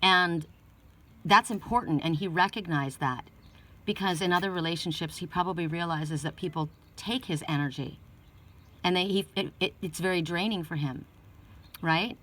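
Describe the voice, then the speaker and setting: A woman's voice: on the low side, moderate pace, a bit bright, distant mic. A woman giving an oracle card reading, telling personal stories in an earnest, rambling way and often restarting sentences.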